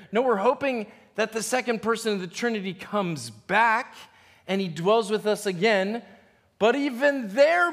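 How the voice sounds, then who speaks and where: A man preaching a sermon as a pastor, animated and playful, acting out quoted voices. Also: sits high. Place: church.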